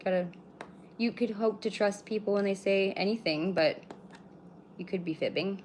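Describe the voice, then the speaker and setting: A woman's voice: medium pitch, moderate pace, a little mellow, slight background noise. A woman in her thirties chatting casually on a live stream, rambling, blunt and swearing freely as she answers viewers. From British Columbia, Canada. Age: 30s. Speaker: livestreamer.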